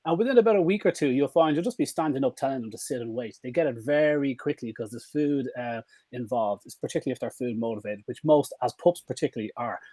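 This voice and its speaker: A man, a vet giving a live-stream talk on dog training, lively and demonstrative, now and then jumping into a squeaky high voice for an excited dog. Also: quick pace, no room sound.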